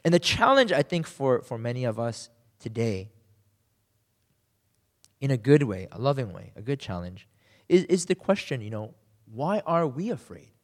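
A man's voice: medium pitch, sing-song, moderate pace, pauses often, in a large hall. A man preaching a sermon in a conversational way, often checking in with "right?" and acting out quoted voices. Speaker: pastor.

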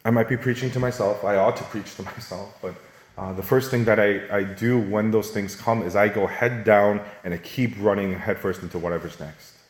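Low-voiced man preaching in a roomy space. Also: moderate pace. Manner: earnest, conversational preaching with animated rises. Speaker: pastor. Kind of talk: sermon.

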